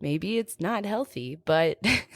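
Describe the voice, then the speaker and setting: A woman's voice: lowish voice, expressive, slow, dry recording, studio quality. A young woman who builds terrain parks, chatting easygoing as a podcast guest and laughing often. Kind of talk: casual podcast chat.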